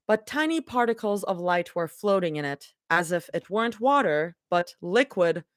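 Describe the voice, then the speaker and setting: Giggly woman reading aloud with lively pitch. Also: normal speed, dry recording, studio quality. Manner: giggly, chatty asides. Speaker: livestream reader. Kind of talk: live reading of fan fiction with commentary.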